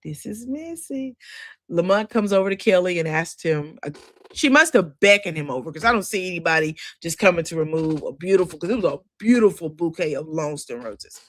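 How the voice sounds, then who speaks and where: A woman gives a loose, chatty recap of a reality show. Her voice sits in a middle pitch and jumps way up high when she wants to stress something. It sounds dry and close to the mic, with no room around it. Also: lively intonation, a little fast, no room sound. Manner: chatty, sassy asides, swoops up high for emphasis. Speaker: recap host.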